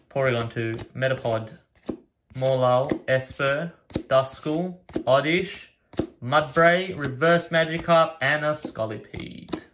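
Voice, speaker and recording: A man casually opens card packs, reading each card's name aloud one by one and getting excited over the rare pulls. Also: mid-range voice, a little hiss or hum. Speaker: card collector opening packs. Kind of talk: casual pack-opening commentary. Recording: card and wrapper rustling behind voice.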